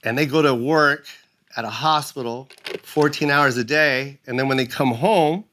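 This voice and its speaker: Bright-voiced, animated man telling stories. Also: mid-range voice, moderate pace, a little hiss or hum. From United States. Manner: animated storytelling, laughs often. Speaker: guest comedian. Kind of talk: casual podcast chat.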